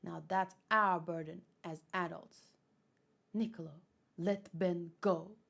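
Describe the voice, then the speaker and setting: A woman's voice: fairly low pitch, fairly even intonation, slow pace, gravelly, a bit bright, voice pushed down, heavily acted. A woman voicing a weary older hunter father who speaks steadily and solemnly, in a manga read-aloud.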